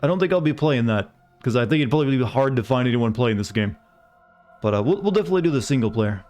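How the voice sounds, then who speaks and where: A male game streamer with an average-pitched voice chats loosely with his live viewers. He rambles and greets them by name as he goes. Soft music plays faintly underneath. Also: lively intonation, fast talker. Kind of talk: casual chat with live viewers.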